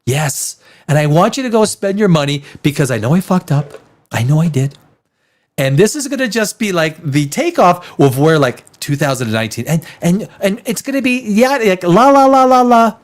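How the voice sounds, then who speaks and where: A man playing a film studio head at a podium, apologizing in a rambling, profane speech with little real remorse. The voice sits a bit high for a man, and the pitch swings widely as he lurches from line to line. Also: sing-song, moderate pace. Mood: mock apologetic. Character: mock-contrite male film studio boss.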